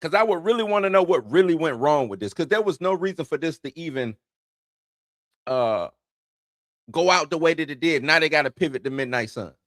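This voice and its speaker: A man's voice: a little high, animated, fairly quick, no echo, studio quality. A man hosting an entertainment news show in loose, slangy casual commentary, chuckling between points.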